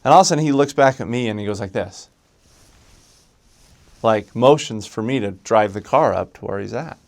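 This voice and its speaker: A man telling a personal story from his missionary days, lively and halting, with frequent restarts. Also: lowish voice.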